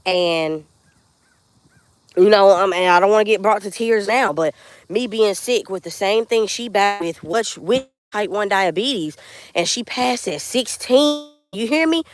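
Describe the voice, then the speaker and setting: A woman's voice: mid-range voice, measured pace. A woman giving an earnest, heartfelt live vlog as she walks through a rural backyard field, speaking straight to her viewers. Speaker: vlogger. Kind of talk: casual motivational live vlog.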